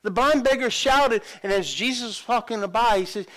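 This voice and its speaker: A man's voice: very high-pitched, moderate pace, hardly any pauses, fairly bright tone. A middle-aged man preaching a sermon as a pastor, acting out the voices of people in the Bible story.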